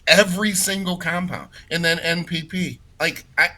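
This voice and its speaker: A man with a very bright, forceful voice arguing his points on a podcast. He is emphatic and opinionated, and he leans into his words. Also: on the high side, normal speed, low-quality recording. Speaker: podcast co-host. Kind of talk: casual podcast chat.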